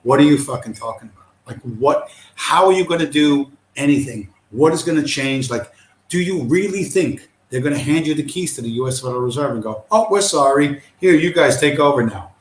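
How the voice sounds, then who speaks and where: A man's voice: mid-range voice, fairly quick. A man hosting a livestream, ranting in a profane, scornful and combative way. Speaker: livestream host. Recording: roomy echo.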